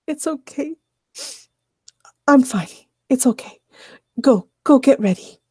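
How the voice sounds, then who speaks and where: A woman voicing a frightened young music-hall woman in a high, breathy, trembling voice. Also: expressive, takes it slowly, darkish tone, clean studio sound, full character voice. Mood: soothing.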